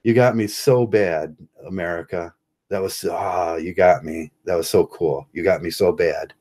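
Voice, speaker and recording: A man's voice: deep voice, measured pace, a little mellow. A man ranting in a casual monologue vlog, sarcastic and rambling, often breaking into chuckles and restarting his sentences. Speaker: vlogger.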